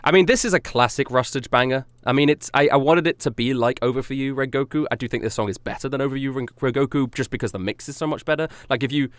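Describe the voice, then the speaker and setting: A man's voice: mid-range voice, fast, hardly any pauses, no echo. A man streaming casual commentary as he ranks his own rap songs, rambling and self-critical as he talks them through.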